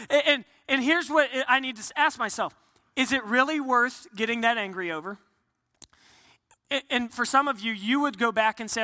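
A man's voice: extremely high pitch, moderate pace, pushed and bright, long reverb tail. A male pastor preaching in a casual, candid way, with joking asides to the congregation. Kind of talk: conversational sermon.

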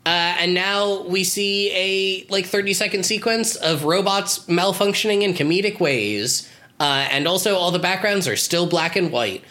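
A man's voice: sits high, moderate pace, bright, forceful tone. A man co-hosting a podcast, wryly recapping a cartoon plot in casual chat, swearing and laughing. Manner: wry, sweary, laughs often. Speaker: podcast co-host.

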